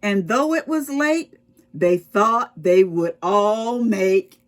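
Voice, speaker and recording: A woman reading a picture book aloud to preschoolers, explaining words and asking the children questions as she goes. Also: medium pitch. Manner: expressive, slow and explaining to children. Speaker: children's storytime reader.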